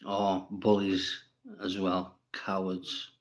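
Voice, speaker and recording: A man's voice: low voice, monotone, extremely slow. A man hosting a casual livestream, reading viewers' comments and answering them bluntly, with plenty of swearing and rambling. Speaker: livestream host.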